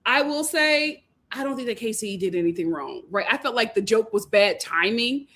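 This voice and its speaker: A woman hosting a casual reality TV recap, animated and laughing as she acts out what the cast said. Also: a little high, moderate pace. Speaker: host.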